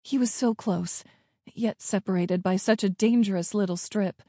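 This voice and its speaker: Female narrator, warm low-lit tone, tense hushed storytelling, dry booth sound. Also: moderate pace, no echo. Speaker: audiobook narrator. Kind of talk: scripted first-person story narration.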